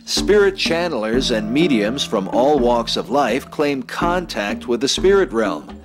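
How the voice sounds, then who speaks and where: Male documentary narrator, mid-pitched, measured and grave, read over music. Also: big pitch swings. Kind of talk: scripted narration.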